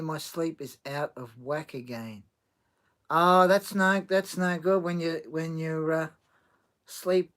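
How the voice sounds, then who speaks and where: A man hosting a casual livestream, talking haltingly with many restarts and reading chat comments aloud. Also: on the high side, fairly bright tone.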